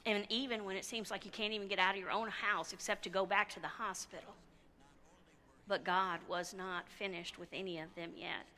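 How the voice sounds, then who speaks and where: A woman pastor giving a sermon, telling a story in an animated, conversational way. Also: mid-range voice, a little fast. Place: church sanctuary. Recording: long church hall reverb.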